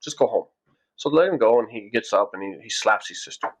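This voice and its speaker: A man's voice: lowish voice, lively intonation, fast talker. A man casually telling a story from his own past, rambling with frequent restarts and acting out what people said.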